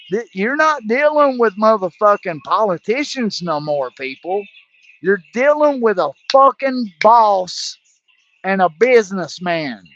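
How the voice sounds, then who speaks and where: A man's voice: high-pitched, fairly bright tone. A man hosting a livestream, ranting angrily about politics, swearing heavily and stumbling through restarts. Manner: profane, heated, stumbling restarts. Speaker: livestream host. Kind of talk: angry political rant. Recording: dull lo-fi livestream audio.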